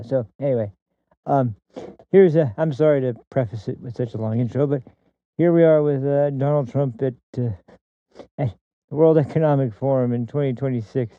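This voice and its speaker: A man's voice: mid-range voice, steady tone, normal speed, no room sound, highs cut off. A man hosting a podcast, delivering a blunt, crude political commentary monologue that rambles with many restarts. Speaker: podcast host.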